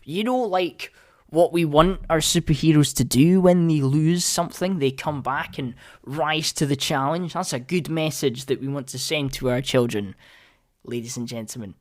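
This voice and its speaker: A man's voice: fairly high pitch, normal speed, dry recording, clean studio sound. A young man hosting a solo podcast, ranting in an exasperated, sarcastic way. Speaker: podcast host.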